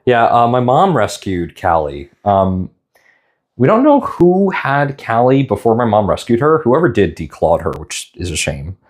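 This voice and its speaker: A young man with a mid-range, sing-song voice talks at a measured pace on a live stream. His chat is casual, rambling and tender, and now and then he stops to apologize as he tears up.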